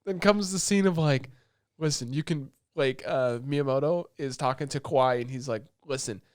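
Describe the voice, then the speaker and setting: A man co-hosting a podcast, excitedly retelling scenes in casual chat and swearing often. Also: mid-range voice, moderate pace, dry recording, studio quality. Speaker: podcast co-host.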